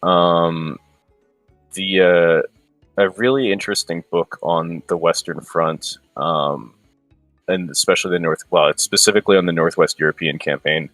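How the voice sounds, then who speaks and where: A man's voice: low-pitched, fairly even intonation, normal speed, fairly bright tone, no room sound, soft background music, poor audio. A man co-hosting a casual podcast, reading passages from a history book aloud with hesitant fillers between them. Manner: hesitant, many ums and restarts. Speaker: podcast co-host.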